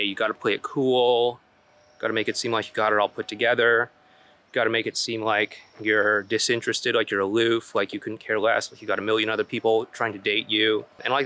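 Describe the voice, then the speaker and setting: Bright-voiced man giving casual advice. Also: mid-range voice. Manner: earnest, conversational, frequent fillers and restarts. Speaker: relationship coach. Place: outdoors in a forest.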